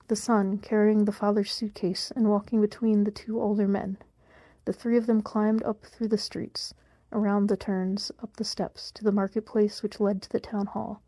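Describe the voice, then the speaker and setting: A woman reading a book aloud in a plain, unhurried amateur reading. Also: medium pitch, flat delivery, dark tone, no room sound. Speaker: audiobook reader.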